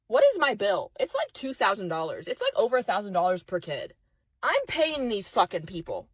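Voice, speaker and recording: A young mother vents in a furious, profane vlog rant, swearing and circling back to the same complaints. Her voice is husky and slightly breathy. It sounds dry and close, with no room around it. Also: medium pitch, big pitch swings, normal speed, dry recording, poor audio. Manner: profane, exasperated ranting with repeated outbursts. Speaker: single mother of five.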